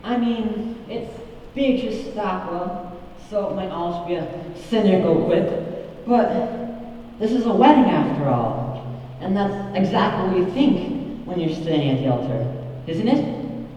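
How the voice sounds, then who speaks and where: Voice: medium pitch, animated, a little slow, dark tone, a little hiss or hum, lightly acted. A young stage actor playing a wistful middle-aged man who confides in the audience. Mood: confiding. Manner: confiding, musing asides to the audience. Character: wistful middle-aged male musical fan. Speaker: narrator. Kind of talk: stage musical acting. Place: theater stage. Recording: dull, echoey stage hall from far off.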